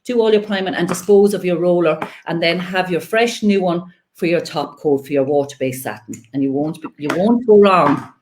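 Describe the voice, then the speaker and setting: A woman's voice: on the low side, brisk, few pauses, a little mellow, a little hiss or hum. Chatty woman giving decorating advice. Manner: chatty, practical, friendly. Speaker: guest, master painter and decorator.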